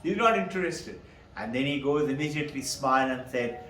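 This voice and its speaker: A man's voice: mid-range voice, lively intonation, brisk, fairly bright tone, a little hiss or hum. A man gives a teaching talk on Vedanta. He poses rhetorical questions and answers them himself, laughs between points and often adds "no?" as a tag. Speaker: spiritual teacher. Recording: echoey room, mic at a distance.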